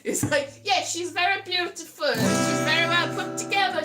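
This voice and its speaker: A woman's voice: very high voice, moderate pace, over loud music. A woman in her thirties chatting casually to viewers, rambling and self-mocking, drifting into sing-song now and then. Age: 30s. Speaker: livestream host. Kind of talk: casual chat reading viewer comments.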